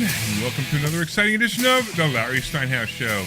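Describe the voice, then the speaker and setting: Radio host, male, animated and fast, bright tone, jokey studio banter. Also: on the high side, over loud music. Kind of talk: lively radio talk show banter. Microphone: studio microphone.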